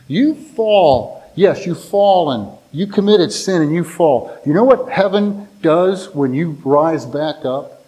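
A man's voice: fairly high pitch, expressive, slow pace, dark tone, rough recording. A man preaching an informal sermon, telling a rambling, folksy personal story before reading scripture.

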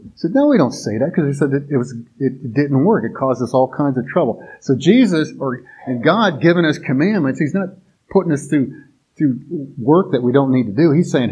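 A man's voice: medium pitch, animated, normal speed, darkish tone, breathy edge, highs cut off. A man giving an informal sermon in a conversational way, often restarting his sentences and adding filler phrases. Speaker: preacher.

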